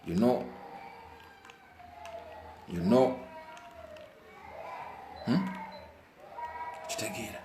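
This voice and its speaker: Impassioned Ugandan man, low voice, echoey room. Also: measured pace, pauses often, a little hiss or hum. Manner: impassioned, repeats phrases, mixes Luganda and English. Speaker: vlogger. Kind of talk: emotional live commentary. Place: indoors while rain falls outside.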